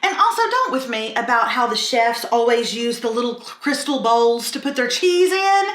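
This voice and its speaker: A woman's voice: fairly high pitch, big pitch swings, moderate pace, hardly any pauses, a bit bright, echoey room. A woman hosting a casual cooking tutorial in her home kitchen, blunt, sarcastic and self-mocking. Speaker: cooking vlog host.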